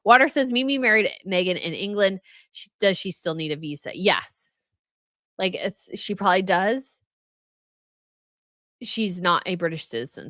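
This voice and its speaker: A woman's voice: fairly low pitch, a bit bright, no echo, clean studio sound. Chatty American woman reading live chat. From United States. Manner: chatty, answers viewer comments. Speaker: royal news channel host reading live chat. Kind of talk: casual live-stream chat.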